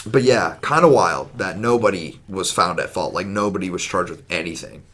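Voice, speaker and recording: A young man with a fairly low voice co-hosts a loose, casual podcast. He rants in an animated way and swears freely. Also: moderate pace, a little hiss or hum. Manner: animated, profane ranting. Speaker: podcast co-host.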